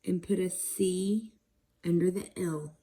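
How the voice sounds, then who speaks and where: A woman's voice: fairly low pitch, steady tone, warm tone, slightly rough. A woman teaching a phonics lesson, patiently walking through how to code words and asking questions before answering them herself. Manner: sounds out syllables slowly. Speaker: reading teacher.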